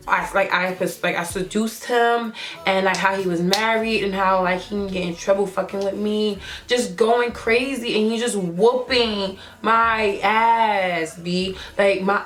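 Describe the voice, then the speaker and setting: Profane young woman telling a story. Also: medium pitch. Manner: profane, animated retelling with acted quotes. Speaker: vlogger. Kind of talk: storytime vlog.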